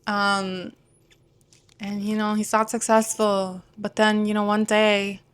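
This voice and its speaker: A woman's voice: medium pitch, little pitch movement, slow pace, smooth. A young woman from Houston chatting casually about films, digressive and full of asides. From Houston, Texas. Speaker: film vlogger.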